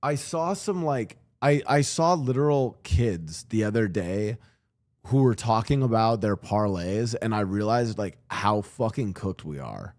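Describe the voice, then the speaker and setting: A man's voice: lowish voice, animated, measured pace, darkish tone. Young guy streaming, rambles and swears a lot, voice bounces all over. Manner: rambling, swearing, restarts often. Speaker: streamer and podcast host. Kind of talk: casual reaction stream. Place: home streaming room. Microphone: streaming mic.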